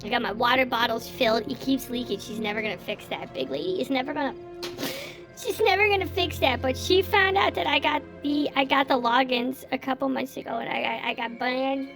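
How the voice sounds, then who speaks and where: A man's voice: very high-pitched, a little fast, vocal fry, bright, forceful tone, exaggerated voice. A man streaming live while voicing a crude, foul-mouthed little male pet creature that lives in a cage, with rowdy, profane banter. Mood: rambling. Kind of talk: live stream character bit. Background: faint creepy game music.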